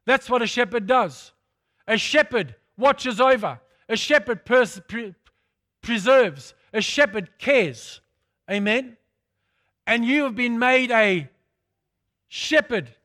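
A man's voice: very high-pitched, expressive, slow, pauses often, pushed and bright, dry recording, studio quality. A man preaching a sermon, repeating phrases for emphasis and calling out to his congregation.

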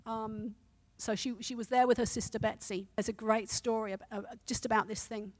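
A woman preaching a sermon who reads scripture and a story aloud in a measured way, with hesitant restarts. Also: on the high side, fairly even intonation, in a large hall.

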